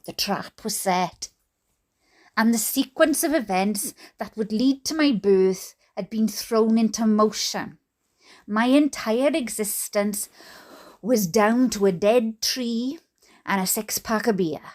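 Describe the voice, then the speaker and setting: A woman's voice: a little high, slow pace. A Welsh woman reading a book aloud, breaking off for giggly, chatty asides. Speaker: book reader.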